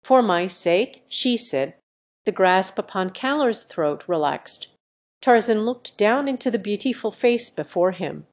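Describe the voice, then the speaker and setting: A woman's voice: mid-range voice, a little slow. Synthetic woman narrating an audiobook. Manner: steady synthetic reading voice.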